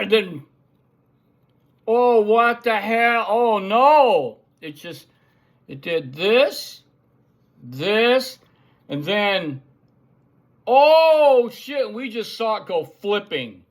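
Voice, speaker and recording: A middle-aged man casually telling an old army story, acting out gunfire sounds and shouts. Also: high-pitched, slow pace. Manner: animated, makes gunfire sound effects and acts out shouts. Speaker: show host telling a story.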